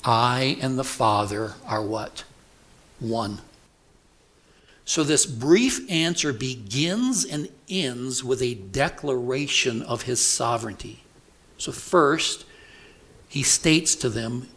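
A male preacher with a medium-pitched, fairly bright voice delivers an expository sermon. He speaks deliberately and with emphasis, putting rhetorical questions to the congregation.

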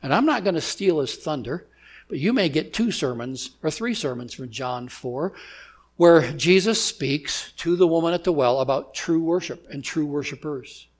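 A man preaching a sermon to a church gathering, measured and emphatic, with deliberate pauses, ending in prayer. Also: fairly high pitch, expressive. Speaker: pastor.

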